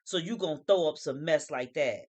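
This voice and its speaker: Her voice sits low and is a little mellow, moving at a moderate pace. As host of a casual vlog reviewing reality TV, she speaks emphatically, uses slang, and keeps repeating phrases.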